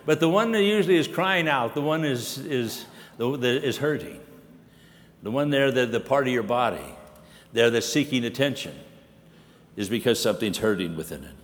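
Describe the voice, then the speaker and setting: A man's voice: medium pitch, expressive, normal speed, big-room sound, slight background noise. An older man preaching a sermon in a folksy, rambling way, with many fillers. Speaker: pastor. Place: conference hall.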